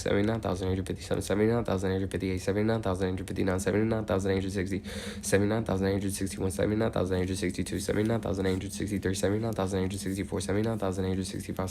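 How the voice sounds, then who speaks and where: A man livestreaming as he counts out loud without a break, now and then drifting off into rambling chat full of "like". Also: low voice, creaky, a little hiss or hum.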